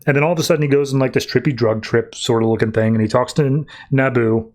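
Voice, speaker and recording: A podcast host walks through a comic book plot in a relaxed, casual way. He jumps in and out of the characters' lines as he tells the story, in a voice of middle pitch. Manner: retells scenes with quick quoted voices.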